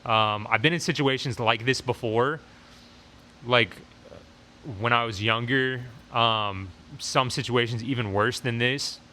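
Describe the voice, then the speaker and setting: A young adult man vlogging a storytime through a lapel mic on his shirt, retelling a tense encounter in an animated way, full of fillers like "like" and "dude.". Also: mid-range voice, measured pace, a little hiss or hum.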